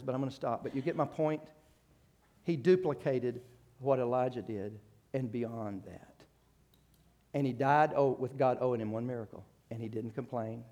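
A man preaching a sermon, retelling a story with acted quotes and frequent restarts, moving from loud rising exhortation to quiet conversational asides. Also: mid-range voice.

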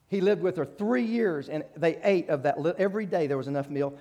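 Male preacher, slightly higher voice, storytelling sermon that swings from loud and rising to quiet. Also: brisk, few pauses. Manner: storytelling with acted quotes and restarts.

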